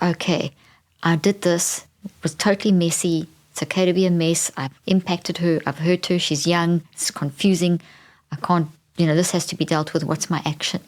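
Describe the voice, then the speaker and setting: A woman's voice: low-pitched, a little mellow. A middle-aged woman hosting a podcast, telling a candid personal story in a reflective way, with frequent restarts. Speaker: podcast host.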